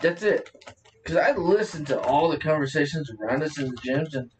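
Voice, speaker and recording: A man's voice: fairly high pitch, expressive, brisk, far from the mic, slight background noise. A man co-hosting a podcast in casual chat, crude and profane, laughing often. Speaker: podcast co-host.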